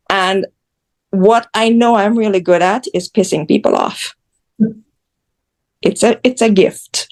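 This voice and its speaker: A woman from Jamaica, a social media creator, speaking candidly as a guest in an interview and telling her story in a blunt, animated way. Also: mid-range voice. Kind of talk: conversational interview.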